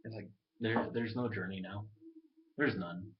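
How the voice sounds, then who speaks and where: A man ranting casually into his webcam, animated and profane, acting out other people's lines as he goes. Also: fairly low pitch, measured pace, muffled recording. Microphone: webcam mic.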